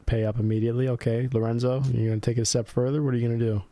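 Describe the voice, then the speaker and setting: A man's voice: medium pitch, racing, no room sound. Male podcast host, casual and profane, close dry sound. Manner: laughing, profane, animated storyteller. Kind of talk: casual chat.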